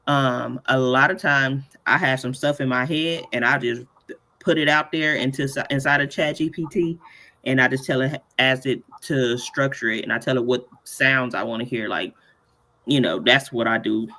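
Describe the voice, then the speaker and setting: A man's voice: mid-range voice, fairly even intonation, moderate pace, sharp tone. A man hosting a casual live tutorial, chatty and playful, often laughing between points. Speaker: workshop host.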